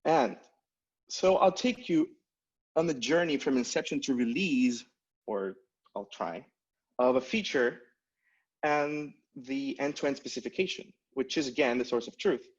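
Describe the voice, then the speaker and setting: A man's voice: medium pitch, lively intonation, unhurried, breathy edge, muffled recording. A man giving a conference tech talk in a casual style, with many fillers and restarts. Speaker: conference speaker.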